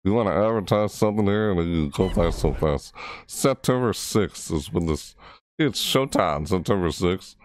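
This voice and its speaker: A man hosting a reaction video, rambling casually with frequent restarts and excited asides, his voice cracking. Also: low voice, moderate pace, a little hiss or hum.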